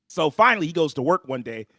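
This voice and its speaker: A young man co-hosting a podcast, recapping an anime plot in a slangy, animated storytelling manner and clearing his throat often. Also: on the high side, no echo, studio quality. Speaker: podcast co-host. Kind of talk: casual anime recap chat.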